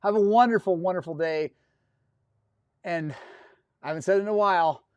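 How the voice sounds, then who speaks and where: A man talks casually on a live stream, rambling and effusive as he thanks his viewers again and again. His voice sits a bit high. The sound is dry and close to the mic. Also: normal speed, clear, resonant tone, dry recording. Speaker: host of a dirt bike live stream.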